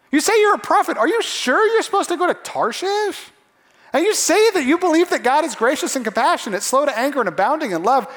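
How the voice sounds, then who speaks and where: Animated high-voiced male preacher. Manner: animated, acts out voices of characters. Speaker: pastor. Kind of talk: sermon. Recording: long hall reverb.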